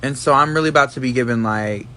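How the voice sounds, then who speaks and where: A man's voice: medium pitch, quick pace, pushed and bright, a little hiss or hum. Brash, profane man monologuing to camera. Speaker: social media commentator.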